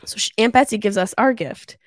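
A woman in her thirties hosting her own podcast with a stuffy nose from a cold, chatting in a lively, swearing, joking way from her mother's house on a travel mic. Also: medium pitch, brisk, no room sound, studio quality. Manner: animated, swearing, laughing storyteller. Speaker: podcast host. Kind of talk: casual solo podcast chat. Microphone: travel mic without pop filter.

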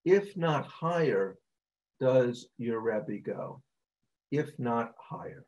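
A man's voice: medium pitch, lively intonation, takes it slowly, darkish tone, highs cut off, pitched below the performer's own voice. A man voicing a doubting male skeptic in a story he tells, sounding incredulous. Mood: awed. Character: doubting male skeptic, a scoffing visitor to town.

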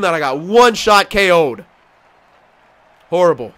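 A young man giving live commentary on his own hockey video game play, excitable and swearing loudly at the computer players. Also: high voice, measured pace, smooth. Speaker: gameplay commentator.

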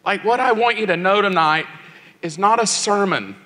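A man in his sixties preaches to a youth crowd, telling his story with feeling and slipping into the voices of the people in it. His voice sits high and bright, carried by the long reverb of a large church hall. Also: normal speed. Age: 60s. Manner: emotional storytelling, acts out quoted voices. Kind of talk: sermon.

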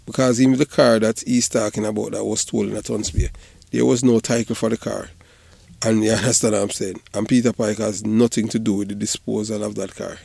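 A man's voice: on the low side, flat delivery, brisk, vocal fry, mellow, breathy edge, dry recording. A man with a Jamaican accent giving rambling, casual patois commentary, often repeating "you know". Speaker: online commentator.

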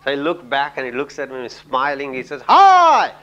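A man's voice: medium pitch, level tone, quick pace, sharp tone, highs cut off. A man with an Indian English accent giving a lecture, telling anecdotes in a chatty way, full of "you know" and little chuckles.

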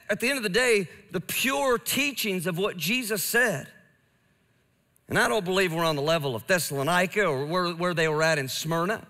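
Bright-voiced male preacher in a reverberant church. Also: sits high. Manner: earnest, emphatic preaching with repetition. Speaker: pastor. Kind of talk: sermon. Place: church sanctuary.

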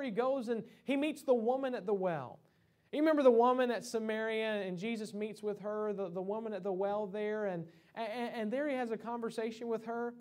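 High-voiced preacher giving a sermon. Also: male voice. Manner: conversational preaching with many fillers and restarts. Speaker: pastor. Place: church sanctuary.

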